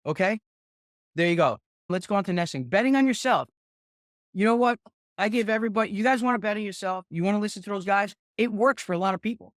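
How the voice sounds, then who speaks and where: A middle-aged man talks in a rambling, excitable way, swearing freely as he coaches a group call. His voice sits a little high for a man. The sound is close and dry, with no room echo. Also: fairly quick. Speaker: real estate investing mentor.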